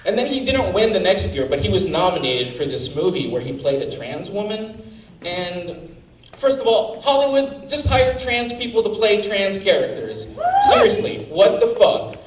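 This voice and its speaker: A man's voice: high-pitched, very animated, moderate pace, heavy background noise. Ranting, outraged standup comic man. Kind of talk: standup set. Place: comedy club stage. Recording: roomy live venue, mic at a distance, faint ambience.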